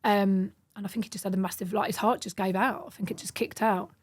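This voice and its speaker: Fast-talking woman telling her story. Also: mid-range voice, steady tone. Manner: fast, vivid retelling that acts out quoted dialogue. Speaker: podcast guest. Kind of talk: personal storytelling in conversation.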